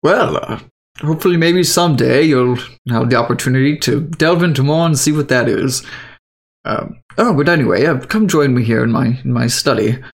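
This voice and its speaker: A man's voice: medium pitch, normal speed, gravelly, close to an everyday voice. A man voicing a kindly older male guild official who rambles and hesitates as he explains things in a tabletop game. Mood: explaining. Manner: chatty, hesitant with many fillers.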